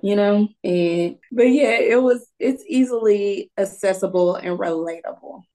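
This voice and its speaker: A woman's voice: mid-range voice, unhurried, mellow, poor audio. A woman co-hosting a podcast, chatting casually and weighing her words carefully. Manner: thoughtful, hedging. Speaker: podcast co-host. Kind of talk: casual chat.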